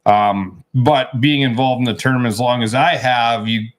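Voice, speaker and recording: A man's voice: medium pitch, steady tone, normal speed. A man co-hosting a casual chat, telling a story in a rambling way with many restarts. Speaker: co-host.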